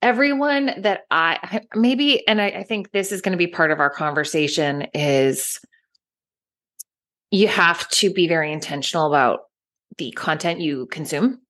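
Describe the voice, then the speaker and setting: A woman in her thirties co-hosting a casual podcast, chatty with quick asides and laughter. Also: fairly low pitch, fairly bright tone. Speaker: podcast co-host. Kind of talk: casual chat.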